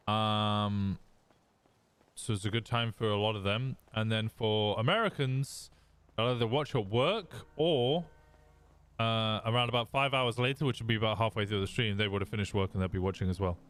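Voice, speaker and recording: Smooth-voiced man with an English Midlands accent. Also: on the low side, moderate pace. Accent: English Midlands, fairly posh. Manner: relaxed, rambling, reads chat aloud and answers. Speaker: streamer. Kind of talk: casual chat with viewers.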